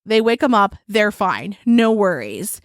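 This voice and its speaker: A woman's voice: medium pitch, big pitch swings, unhurried, dry recording, clean studio sound. A woman co-hosting a podcast, retelling a folktale in a casual, profane, giggly way. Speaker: podcast co-host. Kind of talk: casual storytelling chat.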